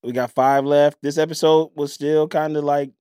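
A man's voice: on the high side, level tone, normal speed, warm tone, clear, resonant tone, dry recording, clean studio sound. A man co-hosting a podcast, laid-back and joking as he recaps. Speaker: podcast co-host. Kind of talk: casual chat.

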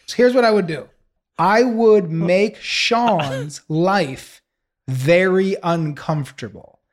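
High-voiced, profane, joking man. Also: slow. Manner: playful, profane, goofing around. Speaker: podcast co-host. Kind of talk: casual podcast chat.

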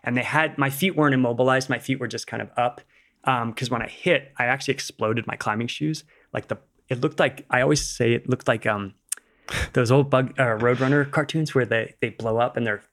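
A man's voice: mid-range voice, a little fast, fairly bright tone. A middle-aged man, a podcast guest, telling a casual story in a rambling way, acting out what people said and using many "like"s.

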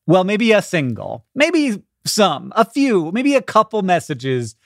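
A man's voice: high-pitched, huge pitch swings, slow pace, creaky, a bit bright, dry recording, clean studio sound. A man co-hosting a comedy podcast, chatting casually and animatedly, often chuckling. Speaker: podcast co-host.

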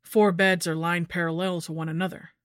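A woman's voice: lowish voice, little pitch movement, fairly quick, no echo, studio quality. A woman narrating a scripted horror story in a wry, sardonic first-person voice.

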